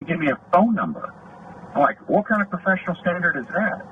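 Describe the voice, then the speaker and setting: A man's voice: high-pitched, sing-song, fairly quick, over music. A man, an off-duty deputy, retelling a dispute in an aggrieved way, recorded in a vehicle. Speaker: off-duty deputy telling a complaint. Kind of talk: recorded personal account. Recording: muffled noisy video audio.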